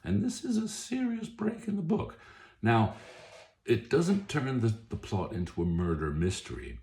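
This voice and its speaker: A man's voice: mid-range voice, very animated, measured pace, darkish tone. A man, an author, chatting casually about a book he likes, rambling and correcting himself as he goes. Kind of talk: casual book talk to camera. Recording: echoey room, faint noise.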